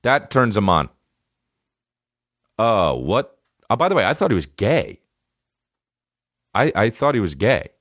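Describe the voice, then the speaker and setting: A man's voice: lowish voice, very animated, a little slow, pauses often, fairly bright tone, no echo, studio quality. A man in his thirties hosting a comedy podcast, riffing profanely and slipping into mocking voices. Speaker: podcast host.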